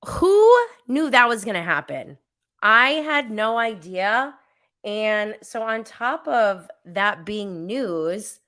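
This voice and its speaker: A woman podcast host in her thirties talks through a solo recap in an unhurried, rambling way. Her voice is smooth and clear, a little lower than most. The sound is dry and close. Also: fairly bright tone, dry recording. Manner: chatty, rambling with fillers and self-aware laughs. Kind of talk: casual solo recap chat.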